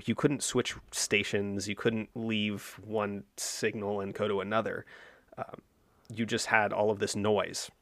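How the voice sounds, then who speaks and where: A man's voice: fairly low pitch, no echo, clean studio sound. A man co-hosting a casual history podcast, explaining at length and thinking aloud with fillers and restarts. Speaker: podcast co-host.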